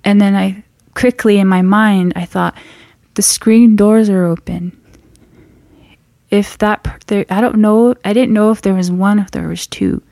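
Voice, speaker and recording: A woman telling a frightening personal story in an earnest, halting way, often restarting her sentences. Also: medium pitch, fairly even intonation, gravelly, warm tone, dry recording, studio quality.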